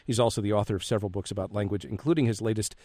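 Male public radio host, mid pitch, steady reads, dry close studio sound. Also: no room sound. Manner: measured, reads numbers slowly.

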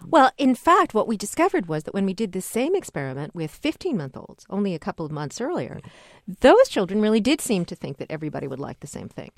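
A middle-aged woman, a guest researcher on a radio call-in show, explaining with lively emphasis. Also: mid-range voice, quick pace, dry recording, clean studio sound. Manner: animated explainer, acts out voices in quotes. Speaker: guest researcher on child development.

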